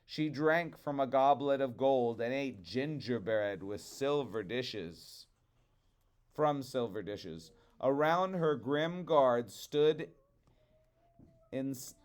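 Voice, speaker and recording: A man reads a fairy tale aloud to children, drawing the lines out slowly. His delivery is expressive and rhythmic, at a medium pitch. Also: clear, resonant tone. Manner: slow, expressive, rhythmic reading. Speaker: storyteller. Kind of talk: storybook reading to children.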